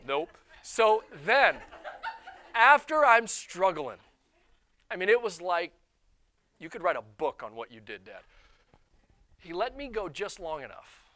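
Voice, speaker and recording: A male pastor giving a sermon, animated and self-deprecating, telling personal stories and acting out quotes. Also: high-pitched, a little slow, pauses often.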